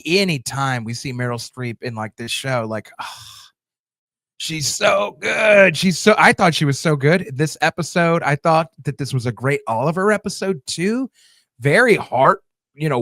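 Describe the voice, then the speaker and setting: A man's voice: a little high, animated, measured pace, fairly bright tone, no room sound, studio quality. A man hosting a TV show review channel, casually answering viewer comments with lots of fillers and restarts. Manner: loose, chatty, many fillers and restarts.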